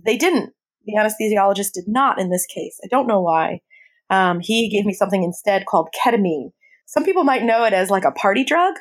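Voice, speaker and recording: A woman speaks as an interview guest, recounting a personal story in a candid, animated way. She laughs often as she talks. Her voice sits at an ordinary middle pitch. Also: a little fast.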